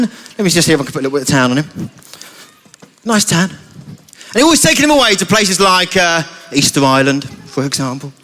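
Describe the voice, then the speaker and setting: A man's voice: fairly high pitch, a bit bright. A man with a British accent telling a playful story at a family church service, often asking the children questions. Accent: British English.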